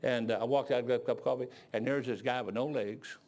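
A man preaching a sermon as pastor, telling folksy stories and swinging between low asides and loud exclaiming. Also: fairly even intonation, fast.

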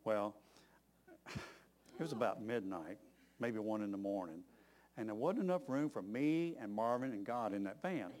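A man's voice: fairly low pitch, animated, measured pace, pauses often, a crowd in the background. A middle-aged man, preaching a sermon in a folksy storytelling way and peppering his talk with "amen.".

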